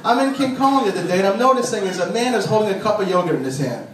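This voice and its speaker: A man doing a stand-up comedy set in a club, complaining about his nagging wife and mimicking her in shrill, exasperated bursts. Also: lively intonation, racing. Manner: exasperated, shrieking put-upon impressions of his nagging wife. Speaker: stand-up comic. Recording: roomy club from a distant mic, noisy. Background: crowd laughter.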